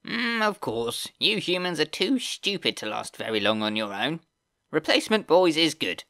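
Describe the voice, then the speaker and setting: A man's voice: a little high, sing-song, moderate pace, pushed and bright, no room sound, clean studio sound, pitched above the performer's own voice, exaggerated voice. A man voicing a sneering male goblin camp boss with a screeching, whiny voice, in an audiobook reading. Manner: sneering, contemptuous.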